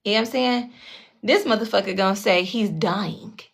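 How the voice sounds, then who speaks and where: A woman host speaks at a middle pitch, telling her own story in a loose, candid monologue. She swears freely, keeps asking her listeners whether they follow, and slips into the voices of the people she talks about. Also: normal speed, creaky. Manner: blunt, heavily profane, keeps checking in with listeners; animated, acts out the other people in her story. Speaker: tarot channel host telling a personal story.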